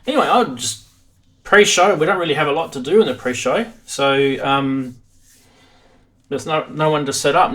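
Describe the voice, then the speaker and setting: A man's voice: mid-range voice, a bit bright. An Australian man hosting a live stream from his home studio, chatting casually in a self-deprecating way.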